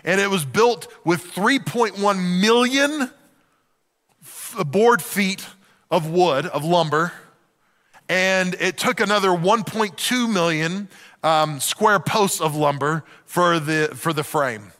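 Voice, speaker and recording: A middle-aged male pastor preaches in a relaxed, joking, candid way. His voice sits fairly high and rings bright. A long church reverb trails behind every phrase. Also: slow pace. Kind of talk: sermon.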